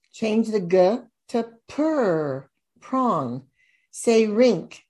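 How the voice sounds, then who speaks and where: A woman tutor walks through reading drills at an unhurried pace. She speaks deliberately, sounding out each syllable with care. Her pitch sits in a middle range. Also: warm tone. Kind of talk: instructional demonstration.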